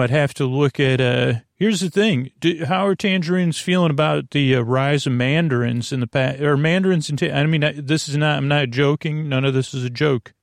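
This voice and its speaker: A man with a gravelly, creaky voice hosts a late-night sleep show and drifts through loose, rambling tangents. His voice sits at an ordinary pitch, and the sound is close and dry. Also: no room sound. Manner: meandering, repeats himself, goes off on tangents. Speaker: sleep podcast host. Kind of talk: rambling bedtime monologue.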